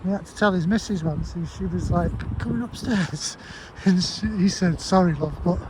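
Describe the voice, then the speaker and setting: A man's voice: sits high, moderate pace. Sweary man rambling in windy night air. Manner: rambling, sweary, laughs often. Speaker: paranormal vlogger. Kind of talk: rambling outdoor night vlog. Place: park outdoors at night. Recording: heavy wind noise on mic outdoors.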